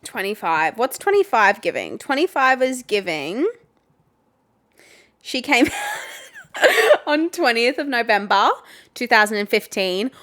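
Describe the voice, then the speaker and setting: Lively woman cohost chatting casually, kinda high voice, bouncy, laughs and swears a bunch. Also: unhurried. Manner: animated, swears freely, laughs often. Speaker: podcast co-host. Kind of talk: casual chat.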